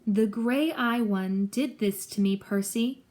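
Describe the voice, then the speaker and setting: A slow, purring monster woman, put on by a woman reading aloud coaxes her prey sweetly with menace underneath. She drags out each word. This is a storybook reading. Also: medium pitch, a little mellow, natural voice. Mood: coaxing. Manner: slow purring coax that turns to snarls. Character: female monster, old, coaxing and vicious.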